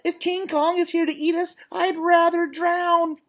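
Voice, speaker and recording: A man's voice: very high-pitched, little pitch movement, a little slow, a bit bright, pitched above the performer's own voice, heavily acted. A man voicing a small frightened female bunny in a storybook reading. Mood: panicked.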